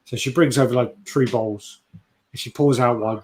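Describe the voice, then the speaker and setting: Slight background noise sits under a man's darkish, mid-range voice, steady in intonation and moderate in pace. As a show co-host telling a casual anecdote, he swears often and imitates the voices of the people involved.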